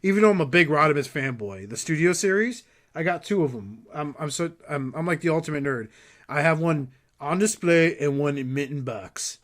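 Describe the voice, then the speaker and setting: A man who is a podcast guest, chatting casually and telling stories in an animated way with quick switches into other voices. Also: on the high side. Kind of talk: casual chat.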